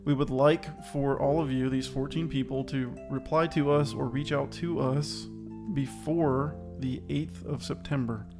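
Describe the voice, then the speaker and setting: This man's mid-range voice has fairly even intonation and moves a little slowly, with few pauses. As co-host of a casual online chat show with music underneath, he rambles in an upbeat, self-aware way, slightly out of breath.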